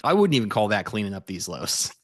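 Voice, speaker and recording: A man's voice: lowish voice, very animated, a little fast, no room sound, clean studio sound. A man co-hosting a live futures trading stream, chatting easily and laughing often. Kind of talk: casual live-stream banter.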